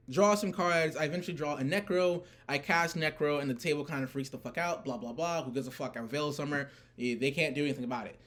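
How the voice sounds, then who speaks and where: A young man ranting casually about a card tournament, rambling with lots of fillers and swearing. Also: fairly high pitch. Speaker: player recounting a card tournament. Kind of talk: casual rant.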